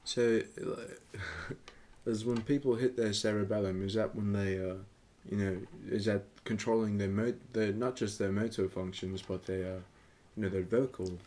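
A man's voice: fairly low pitch, steady tone, normal speed, darkish tone. A man co-hosting a comedy podcast who chats in a rambling, hesitant way. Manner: rambling, hesitant, full of you-knows. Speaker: podcast co-host. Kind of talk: casual comedy chat.

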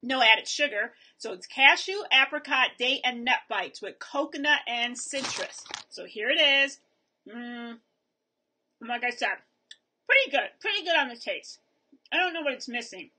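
A woman's voice: high voice, lively intonation, unhurried, pushed and bright, a little hiss or hum. A woman hosting a casual video review of a snack, chatting while she tastes and chews on camera. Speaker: vlog host reviewing snacks.

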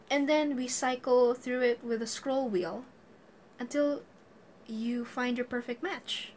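A woman hosting a casual gear tutorial, chatty and giggly, laughing often and joking as she goes. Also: a little high. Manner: jokey asides. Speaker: tutorial host.

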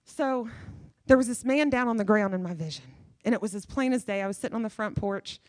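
A woman's voice: medium pitch, fairly quick, darkish tone, no room sound, clean studio sound. A woman guest speaker preaching a sermon in church, emphatic and repeating her key phrases.

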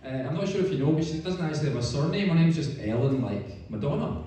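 A man with a Scottish accent doing a stand-up comedy set with deadpan storytelling. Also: a little high, fast talker, heavy reverb, recorded from a distance. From Scotland. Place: hotel pub stage.

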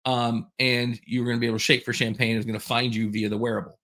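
A man's voice: medium pitch, little pitch movement, quick pace, fairly bright tone. A man hosting a podcast alone, talking candidly in a casual, self-deprecating way, with rambling asides. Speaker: podcast host. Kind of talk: casual solo podcast talk.

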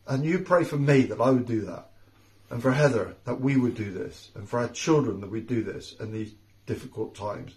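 Preaching informally at home, a middle-aged house church preacher uses a medium-pitched, darkish voice. He's earnest and repeats key phrases to stress them, and a distant mic makes the sound roomy.

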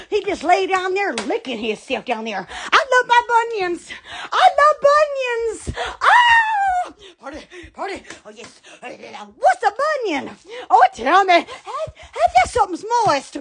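A woman's voice: very high-pitched, a bit bright, slight background noise. A woman hosting a live stream, rambling in silly fits of giggles and squealing exclamations into her phone.

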